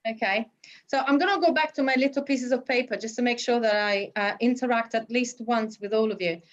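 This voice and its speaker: Casual: woman teacher on a video call, higher voice, muffled call sound, talks a lot with ums. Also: fairly quick. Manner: chatty, explanatory, many fillers. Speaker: English teacher. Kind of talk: online class teaching.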